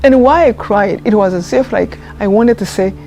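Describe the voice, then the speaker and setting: A woman's voice: mid-range voice, moderate pace, warm tone, slight background noise. Earnest woman. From Rwanda. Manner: earnest, heartfelt storytelling with hesitant restarts. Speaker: interviewee, genocide survivor. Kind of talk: personal testimony in a documentary interview.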